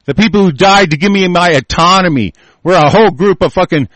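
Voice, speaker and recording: Furious, profane man with a high voice. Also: a little fast, hardly any pauses, a bit bright, no echo. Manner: profane, combative, ranting. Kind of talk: angry monologue rant.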